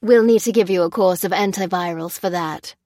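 A woman voicing a grandfatherly older male scientist in an audiobook, courteous, soothing and calmly in charge. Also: fairly low pitch, fairly quick, no room sound, studio quality, lightly acted. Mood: genial.

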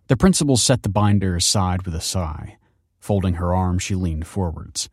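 A man with a low voice narrates a story in a measured, understated manner. The recording is dry and close, with no room sound. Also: darkish tone, slightly rough, no echo. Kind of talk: story reading.

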